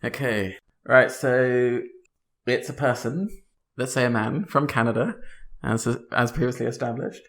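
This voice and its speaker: A man's voice: mid-range voice, measured pace, a bit bright. A man co-hosting a comedy podcast, improvising a story, giggly and hesitant with many ums. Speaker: co-host.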